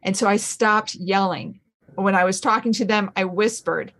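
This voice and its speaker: A middle-aged woman, a homeschooling mother on a podcast, telling stories in an animated, casual way. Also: mid-range voice, moderate pace. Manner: animated storytelling, acts out her own past thoughts. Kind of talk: casual conversational chat.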